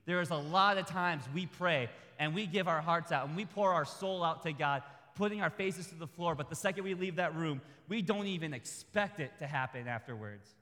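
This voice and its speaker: A man preaching a sermon in a conversational, humorous way that builds to loud, high peaks. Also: normal speed, hardly any pauses, big-room sound.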